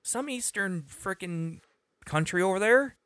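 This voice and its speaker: A man's voice: sits high, expressive, a little slow, fairly bright tone, dry recording, clean studio sound. A man co-hosting a podcast, telling stories casually with blunt, wisecracking remarks. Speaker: podcast co-host. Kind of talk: casual chat, storytelling.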